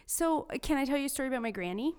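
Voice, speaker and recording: A woman co-hosts a youth faith podcast, chatting casually and telling personal stories while dropping "like" and "you know" throughout. Her voice is high-pitched and animated with a darkish tone, and she talks at a racing speed.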